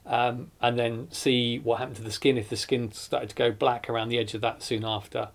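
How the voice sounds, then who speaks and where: A man's voice: mid-range voice, level tone, normal speed, creaky. A man, earnestly recounting his hospital ordeal in a documentary interview, often correcting himself as he goes. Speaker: survivor telling his story.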